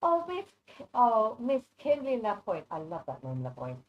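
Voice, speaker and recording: A woman's voice: fairly high pitch, wildly swooping pitch, moderate pace, dull audio. A woman doing live psychic readings over a video call, affectionate and chatty, calling people darling. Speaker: psychic reader.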